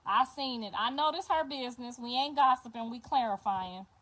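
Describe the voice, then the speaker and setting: High-voiced, animated older woman storyteller. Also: a little fast. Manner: animated, profane, emphatic, swears and repeats herself. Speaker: livestream host. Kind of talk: casual storytelling.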